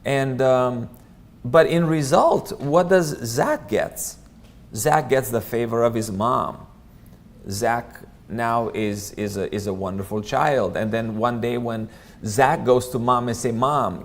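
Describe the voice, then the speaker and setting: A man's voice: mid-range voice, takes it slowly. A man leading a church Bible study, speaking in an earnest, conversational way with many restarts. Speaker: church teacher.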